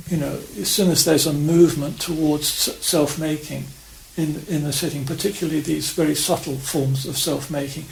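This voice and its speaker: A man giving an unscripted Dharma talk as a Zen priest, reflective and halting, with many restarts and fillers. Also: on the high side, vocal fry, a little mellow. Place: meditation hall of a priory. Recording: echoey room with faint hiss.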